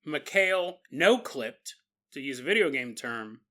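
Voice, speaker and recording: A man hosting a paranormal podcast, telling a strange story in a casual, animated way with chuckles and conversational asides. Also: medium pitch, a little slow. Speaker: podcast host.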